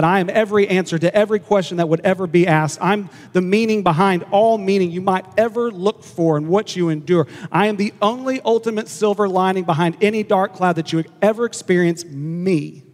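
A man preaching a sermon to his congregation, earnest and emphatic, repeating key words and pausing to let them sink in. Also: high voice, a little mellow. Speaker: pastor. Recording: hall reverb.

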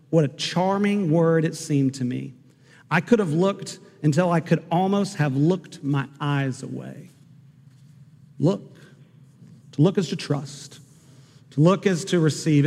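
Man, pastor, sermon, slightly high voice, long echo of a church hall. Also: darkish tone. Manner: earnest preaching, rising to fervent proclamation.

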